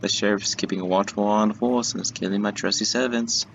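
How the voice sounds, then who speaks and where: A man's voice: lowish voice, fairly quick, vocal fry, a bit bright, muffled recording, a little hiss or hum. A man doing a haughty scheming castle lord. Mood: scornful. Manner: haughty, put-on accent while reading.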